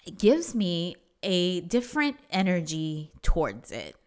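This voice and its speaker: A woman's voice: mid-range voice, sing-song, slow pace, clean tone. A middle-aged woman giving an earnest, casual motivational talk, repeating herself and restarting her sentences often. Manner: earnest, repetitive, many restarts and fillers. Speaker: speaker on affirmations.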